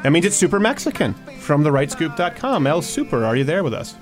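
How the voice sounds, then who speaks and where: A man's voice: a little high, sing-song, quick pace, soft background music. A man hosting a talk show, teasing his guest in casual, jokey banter. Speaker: podcast host.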